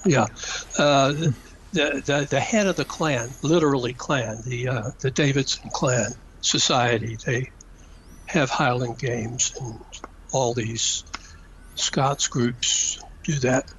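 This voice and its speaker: A man from the South, telling a long story as an interview guest. He talks in a hesitant, rambling way, pausing often and adding dry asides. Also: medium pitch, a bit bright. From Georgia, US South. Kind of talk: conversational storytelling. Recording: dull, slightly muffled sound with faint noise.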